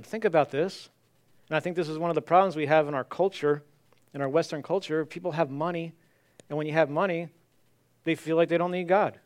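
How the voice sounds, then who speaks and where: Male pastor, sermon delivery, clear resonant tone, a little high. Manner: earnest, reads scripture aloud then repeats it.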